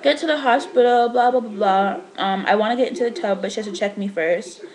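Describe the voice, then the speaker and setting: A woman's voice: mid-range voice, fairly quick, crowd noise, poor audio. Chatty young woman telling a story. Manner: chatty, animated, frequent "like" fillers. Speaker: vlogger. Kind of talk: casual storytelling vlog.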